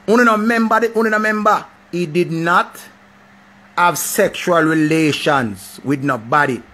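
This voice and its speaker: Animated Jamaican man commenting. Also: on the high side, measured pace. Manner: animated, repetitive, profane. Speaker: vlogger. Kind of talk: casual commentary.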